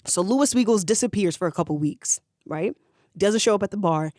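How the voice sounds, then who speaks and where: A podcast storyteller retelling history for laughs, animated, slangy and profane. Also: mid-range voice, normal speed, no room sound, clean studio sound.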